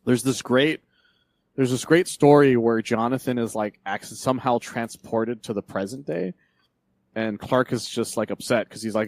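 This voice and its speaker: A man's voice: mid-range voice, normal speed, a little mellow, dry recording. A man co-hosting a casual comics podcast, talking in a rambling way with frequent laughs and restarts. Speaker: podcast co-host. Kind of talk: casual chat about comics.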